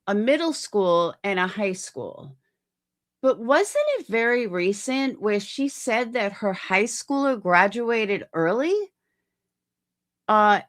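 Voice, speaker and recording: Woman picking apart a clip, sarcastic and mocking, pitch jumps all over. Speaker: commentary host. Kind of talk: reaction commentary on a clip.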